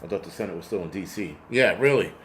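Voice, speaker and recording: A man's voice: low-pitched, lively intonation, fast, a bit bright, slight background noise. A man hosting a casual livestream, rambling through profane stories and answering chat comments. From United States. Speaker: host.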